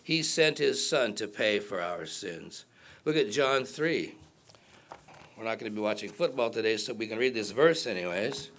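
A man's voice: on the low side, expressive, normal speed, fairly bright tone, a little hiss or hum. A man preaching a sermon in a conversational way, asking the congregation questions and cracking jokes. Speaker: pastor.

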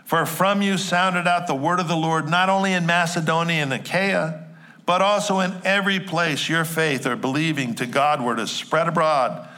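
Here the same kind of preacher sounds bright and forceful, his pitch sitting fairly high. With a New Jersey accent, he jokes conversationally through the sermon and fires off brief remarks to the people in the pews.

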